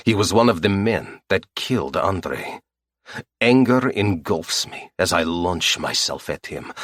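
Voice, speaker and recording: Deep, slow, husky male narrator. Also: a bit bright, dry recording, studio quality. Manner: low, unwavering, menacing. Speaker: audiobook narrator. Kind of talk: first-person audiobook narration.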